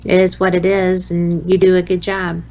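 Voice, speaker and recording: A woman's voice: on the low side, completely flat delivery, moderate pace, a little mellow, muffled recording. Chatty Southern woman in her fifties. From American South. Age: 50s. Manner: chatty, laughs often, folksy sayings. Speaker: guest, radio host. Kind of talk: casual interview chat.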